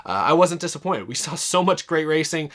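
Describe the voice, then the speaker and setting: A young man hosting a casual solo race review, talking in an animated, enthusiastic way with lots of fillers and restarts. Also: fairly high pitch, fairly quick. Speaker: racing commentary host.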